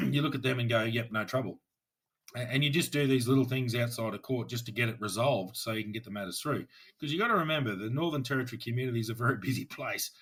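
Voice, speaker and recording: An Australian man co-hosting a podcast, telling lively courtroom stories in casual chat and acting out what people said. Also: medium pitch, fast talker, slightly rough. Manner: animated anecdotes, acts out courtroom voices, swears. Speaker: podcast co-host, police officer.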